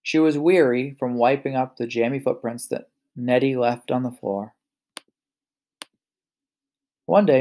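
Male storyteller, mid-pitch, gravelly, relaxed read-aloud with casual asides. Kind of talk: reading a picture book aloud.

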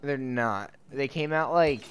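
A man's voice: mid-range voice, measured pace, a little hiss or hum. Rambling young man telling a story. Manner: rambling, full of "like", swearing. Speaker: let's play co-host. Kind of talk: casual storytelling over gameplay. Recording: game music faintly behind.

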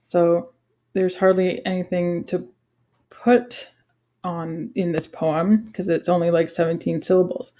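A woman in her forties explaining a lesson to students in a relaxed, casual way, with frequent ums and self-corrections. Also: on the low side, measured pace. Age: 40s. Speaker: teacher.

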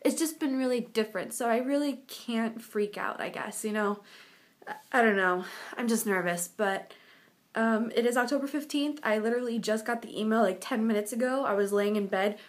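A woman in her twenties vlogging casually in her bedroom, rambling with lots of fillers. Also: a little high. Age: 20s. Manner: chatty, rambling, filler-heavy. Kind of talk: casual confessional vlog.

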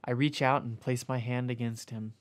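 A man reading a comic erotic novella aloud, mostly deadpan but stopping for amused asides and corrections. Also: medium pitch, normal speed. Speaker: reader.

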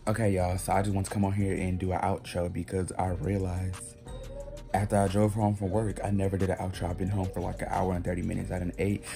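A tired young man filming a casual vlog on a handheld phone. His usual voice sits fairly low, but he talks sassily, cusses freely, and often jumps into loud, high-pitched squeals. Music plays clearly in the background. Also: level tone, quick pace. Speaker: vlogger and grocery cashier. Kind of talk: casual first vlog to camera. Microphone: phone camera held in hand.

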